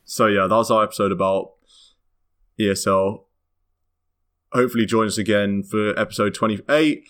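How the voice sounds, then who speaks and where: British guy with a really low voice, rambling podcast host chatting casually. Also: steady tone, normal speed, fairly bright tone. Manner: rambling, self-correcting, laughs often. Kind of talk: casual chat.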